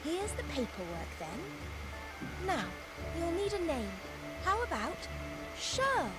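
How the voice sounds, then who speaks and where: A woman voicing a cheerful young female detective in a video game, crisp and teasing. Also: very high-pitched, huge pitch swings, takes it slowly, exaggerated voice, poor audio. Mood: brisk. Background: game music.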